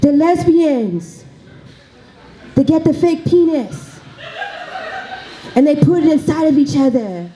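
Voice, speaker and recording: A woman's voice: high-pitched, animated, takes it slowly, pauses often, warm tone, reverberant, slight background noise, pitched above the performer's own voice, low-quality recording. A woman voicing a zealous male visiting pastor with a Haitian accent, preaching a sermon. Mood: preachy.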